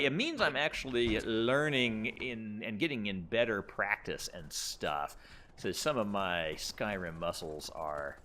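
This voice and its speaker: A man's voice: on the low side, a bit bright. A man giving rambling, casual commentary while playing a video game, chuckling often. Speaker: gameplay commentator. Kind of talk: casual let's-play commentary.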